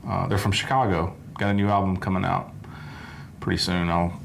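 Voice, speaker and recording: A man's voice: deep voice, little pitch movement, brisk, creaky, slight background noise. A man with a Southern US accent hosting a music reaction show, chatting in an easygoing way and telling stories. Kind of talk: casual chat.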